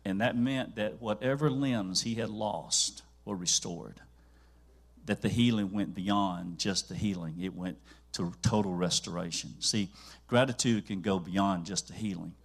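Folksy Southern pastor, easygoing. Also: male voice, on the low side, normal speed. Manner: folksy, joking, rising into loud prayer. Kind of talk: church service announcements and prayer. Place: church sanctuary.

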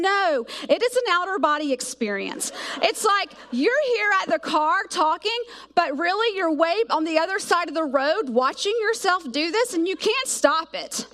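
A middle-aged woman preaching with a high, bright voice. She tells her stories with animation, slipping into the voices of herself and her children as she goes. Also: normal speed. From South Georgia, US. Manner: animated storytelling, acts out voices of herself and kids. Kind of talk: sermon with personal stories.

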